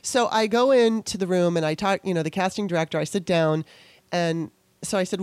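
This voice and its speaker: A woman's voice: on the low side, brisk, dry recording. Chatty woman telling an acting story. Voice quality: animated, chatty storyteller with many restarts. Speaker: podcast host and former actor. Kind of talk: casual interview chat, storytelling.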